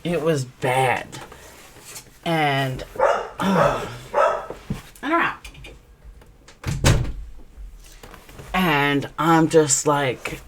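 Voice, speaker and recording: A woman telling a personal story in a vlog, blunt and heated, swearing freely and rambling through quick asides. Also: low voice, background noise. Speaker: channel host.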